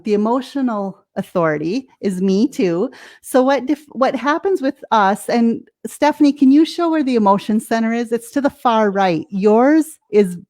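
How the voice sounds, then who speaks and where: A woman's voice: fairly high pitch, darkish tone. An American woman, a life coach as guest, explaining things casually, laughing often and acting out her own reactions. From United States.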